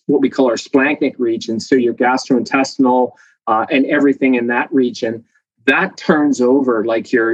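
A man, a scientist guest, explaining in a lively, conversational way with many fillers and frequent laughs. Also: medium pitch, no echo, dull audio. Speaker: muscle protein scientist guest. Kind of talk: conversational interview.

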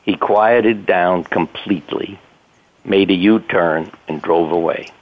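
An older man's low, steady voice comes down a thin, phone-like line. He tells his stories in a relaxed way as a guest, chuckling now and then and voicing the people in them. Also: takes it slowly. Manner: conversational storyteller, chuckling, acts out quotes. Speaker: guest, doctor. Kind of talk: casual storytelling interview.

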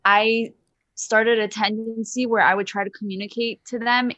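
A woman chatting as a podcast guest, telling lively stories at a quick clip. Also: on the high side, dry recording, dull audio. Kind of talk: casual chat.

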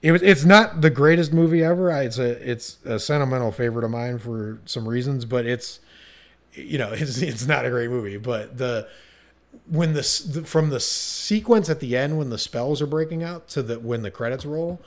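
A man's voice: mid-range voice, moderate pace. Male podcast co-host, eager and rambling, mid-range voice. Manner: enthusiastic, rambling with fillers and restarts. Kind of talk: casual podcast chat.

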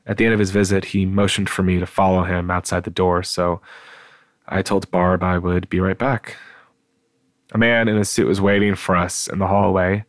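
An older man narrating a painful personal memory in a quiet, measured way. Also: sits low, little pitch movement, no room sound. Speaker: storyteller.

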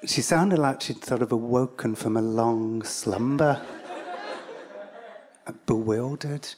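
An English man tells a personal story on stage. His delivery is wry and rambling, with frequent asides and filler words, and his voice sits at a middle pitch. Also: slow, a crowd in the background.

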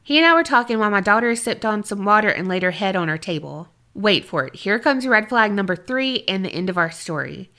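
A woman podcast co-host reading a listener's paranormal story aloud and chatting, expressive and jokey. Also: medium pitch, fairly quick, few pauses.

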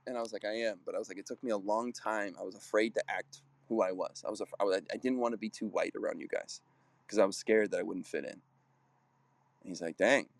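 A man in his thirties talks fast and earnestly, sharing his thoughts with a group in a loose, rambling way. His voice sits a little low, and he often restarts his sentences and acts out what people said. The sound is close and dry, with no room around it. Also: fairly even intonation, vocal fry, no echo. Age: 30s. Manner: rambling, earnest, frequent restarts and acted-out quotes. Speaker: basketball player and coach hosting a group talk. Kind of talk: casual motivational talk.

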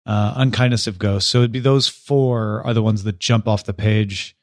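A man's voice: on the low side, fairly even intonation, normal speed, darkish tone, no echo, studio quality. A man co-hosting a podcast in easygoing, agreeable casual chat. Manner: easygoing, agreeable, many "yeah"s. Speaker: podcast co-host.

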